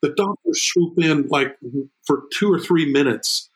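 A middle-aged man talking as a podcast guest about fatherhood, emphatic and prone to repeating words, with his pitch jumping up when he gets excited. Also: unhurried, low-quality recording. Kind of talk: animated conversational podcast talk.

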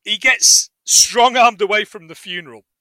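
A man chats casually on a film podcast, high-pitched and very bright in tone. He laughs often and swears freely. The sound is close and dry. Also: moderate pace, dry recording. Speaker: podcast co-host.

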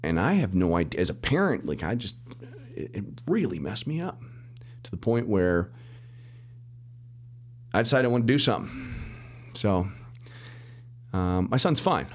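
Middle-aged podcast guest with a very low voice, animated storyteller who acts out quotes. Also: male voice, moderate pace, long pauses. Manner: animated storyteller, acts out quoted dialogue, restarts and laughs often. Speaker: mortgage lender and podcast guest. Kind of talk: casual storytelling interview.

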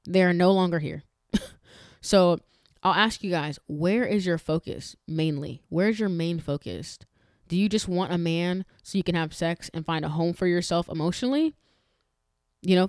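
A woman's voice: fairly low pitch, normal speed, a little mellow, dry recording, studio quality. A woman hosting a faith-based podcast, talking earnestly and with emphasis, chatting directly to her listeners with frequent restarts. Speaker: podcast host.

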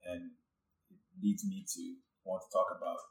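A man's voice: sits low, little pitch movement, normal speed, creaky, roomy sound, poor audio. A man hosting a podcast who asks reflective, thoughtful questions. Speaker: podcast host. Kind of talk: podcast interview.

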